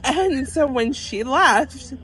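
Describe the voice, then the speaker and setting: A woman in her forties, co-hosting a podcast, telling a story in an animated way and acting out what people said. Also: sits high, slow pace, a little hiss or hum, rough recording. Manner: animated, laughing, acts out quotes. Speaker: podcast co-host. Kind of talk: casual storytelling chat.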